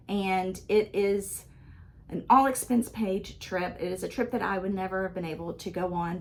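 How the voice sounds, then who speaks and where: A woman's voice: mid-range voice, a little hiss or hum. Woman, middle-aged, casual vlog chat, enthusiastic, frequent ums, mid-range voice, small indoor room. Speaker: cross stitch vlogger. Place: small dark room lit by lamps, indoors.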